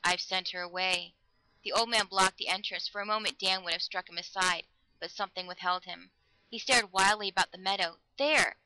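Bright-voiced woman narrating a story. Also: mid-range voice, fairly quick, no room sound, poor audio. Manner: expressive storytelling. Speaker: audiobook narrator. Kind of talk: scripted narration.

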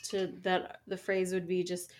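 A woman's voice: lowish voice, monotone, unhurried, darkish tone, slight background noise. A woman in her thirties chatting casually and candidly about parenting, swearing freely and restarting her sentences often. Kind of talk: casual chat.

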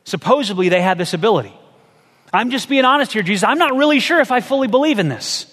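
A man voicing a desperate, doubting father of a sick boy, pleading in a hushed, halting way, with a long hall echo. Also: very high voice, animated, breathy edge, pitched above the performer's own voice, full character voice. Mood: doubtful.

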